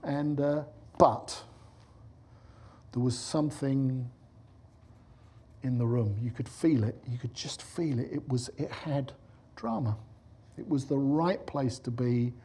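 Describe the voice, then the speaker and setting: A middle-aged film director giving a lecture, telling anecdotes and acting out the voices of the people in them. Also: male voice, mid-range voice, slow pace, dark tone, breathy edge.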